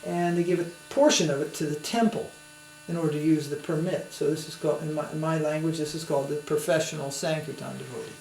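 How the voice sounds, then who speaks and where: A man's voice: a little high, fairly even intonation, fast, gravelly, few pauses, darkish tone. Man giving a roomy spiritual talk. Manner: conversational, anecdotal, with tag questions. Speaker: swami lecturer. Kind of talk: spiritual lecture. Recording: roomy with faint hum.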